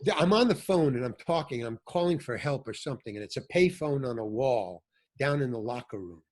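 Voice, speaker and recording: A man, an older actor, telling animated stories as a podcast guest and acting out what others said. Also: medium pitch, fairly quick. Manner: animated storyteller, acts out quoted voices. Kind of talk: storytelling in a podcast interview.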